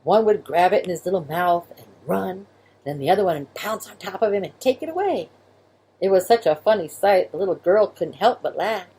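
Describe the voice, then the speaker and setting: Children's storyteller, woman; low-ish, husky, very animated read-aloud. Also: fairly quick. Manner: expressive, gentle, with sound effects.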